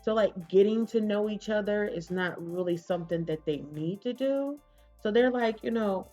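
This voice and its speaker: A woman casually narrating a story in a chatty, animated way, often laughing along. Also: medium pitch, moderate pace, faint music behind.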